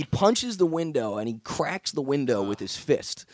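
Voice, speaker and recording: A stand-up comedian spins a story in loose, profane chat, and his pitch swings widely as he acts out each person. The sound is close and dry, with no room around it. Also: very animated, measured pace, no echo.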